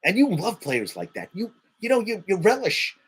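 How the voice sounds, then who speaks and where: Animated, husky sports-talk man. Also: high-pitched, moderate pace. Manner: excitable, swears, repeats words for emphasis. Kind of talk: casual sports commentary monologue.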